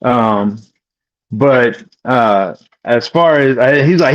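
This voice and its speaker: A man's voice: mid-range voice, slow, lo-fi sound. A man on a political talk stream, telling stories with restarts and quoting back conversations. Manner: storytelling with restarts, quoting others.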